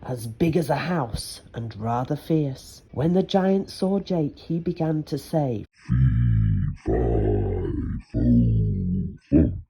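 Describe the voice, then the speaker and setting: Low-voiced, husky woman storyteller. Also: takes it slowly, few pauses. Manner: expressive, with chatty asides. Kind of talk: reading a children's picture book aloud.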